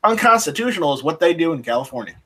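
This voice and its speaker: Sarcastic husky man, higher voice. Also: sing-song, rapid-fire, sharp tone. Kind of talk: casual podcast chat.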